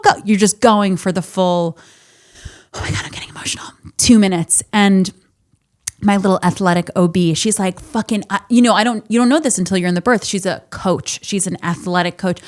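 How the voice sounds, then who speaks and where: A woman in her thirties hosting a podcast, telling a personal story in a candid, profane, emotional way. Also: medium pitch. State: laughing and tearful. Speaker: podcast host.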